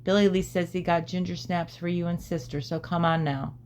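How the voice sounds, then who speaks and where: A woman's voice: fairly low pitch, fairly even intonation, brisk, a little mellow, slight background noise, lightly acted. A woman reading the lines of a stern older woman servant who scolds a child. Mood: scolding.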